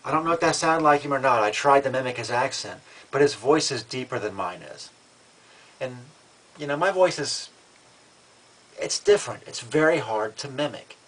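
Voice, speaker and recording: A man's voice: medium pitch, expressive, normal speed, fairly bright tone, low-quality recording. A man talking to camera in a casual vlog, matter-of-fact and defiant, often restarting and repeating words. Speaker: vlogger.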